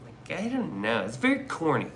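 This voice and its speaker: A man's voice: a little high, wildly swooping pitch, normal speed, a little hiss or hum. A man streaming live, chatting casually with his viewers in joking, profane, rambling banter. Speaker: livestreamer reading chat. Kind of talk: casual livestream chat.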